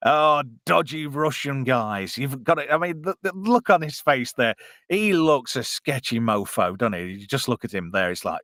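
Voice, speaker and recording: A man's voice: mid-range voice, animated, normal speed, fairly bright tone, no room sound, clean studio sound. A man hosting a casual, jokey live-stream commentary on a film. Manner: chatty, jokey, puts on silly voices. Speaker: podcast co-host.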